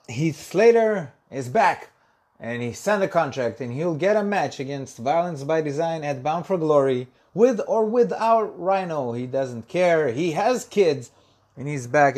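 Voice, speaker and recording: A man's voice: on the high side, lively intonation, takes it slowly, a little mellow. A man hosting a solo podcast, talking loosely with lots of ums and uhs and repeating words as he corrects himself. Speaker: podcast host. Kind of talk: casual solo podcast review.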